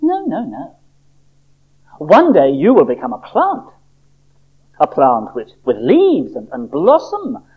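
A preacher voicing a kindly, fatherly male doctor who speaks gravely and reassuringly. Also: medium pitch, huge pitch swings, slow, long pauses, full character voice. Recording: dull lo-fi recording.

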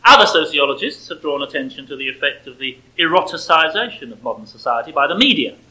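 Male speaker, bright forceful tone, prepared sermon delivery with dry sarcastic edge. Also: on the high side, sing-song, quick pace, rough recording. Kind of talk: prepared sermon-style lecture.

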